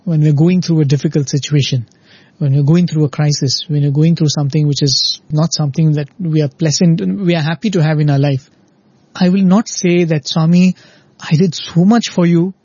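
A man's voice: a little high, steady tone, a little fast, darkish tone, slightly rough, no room sound. A man giving a reflective devotional talk, explaining through stories and often checking in with "right?". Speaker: devotional speaker. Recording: dull lo-fi recording.

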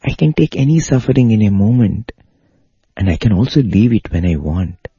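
A man's voice: fairly low pitch, big pitch swings, moderate pace, warm tone, breathy edge, no echo, exaggerated voice. A man voicing a compassionate older male spiritual master who reassures a devotee, in a dull lo-fi recording. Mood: reassuring.

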